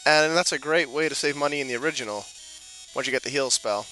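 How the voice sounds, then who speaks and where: A man's voice: mid-range voice, fast, sharp tone, soft background music, low-quality recording. A man doing casual gameplay commentary, cracking jokes, swearing and talking back to the game characters. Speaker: let's play commentator.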